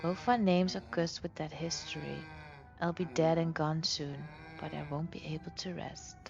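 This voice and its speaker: A woman voicing a dying old father, gruff and remorseful, speaking low and grave. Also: fairly even intonation, moderate pace. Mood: pleading. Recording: dull lo-fi sound with game music.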